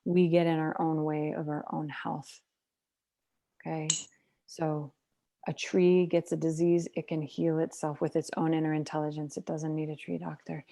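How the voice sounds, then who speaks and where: A woman's voice: low-pitched, a little mellow. A woman from the United States, a holistic health practitioner, giving earnest, blunt advice in casual conversation and swearing freely.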